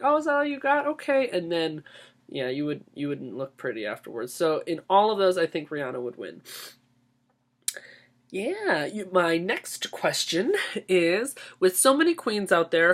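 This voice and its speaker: A man's voice: fairly high pitch, fairly bright tone. Candid, sassy drag queen vlogger. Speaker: drag performer giving advice. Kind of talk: casual advice vlog.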